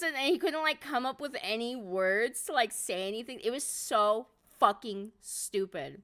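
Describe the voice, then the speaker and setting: Bright, excitable young woman streamer. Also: a little high. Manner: excitable, swears a lot, quick laughs. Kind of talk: casual live-stream chat.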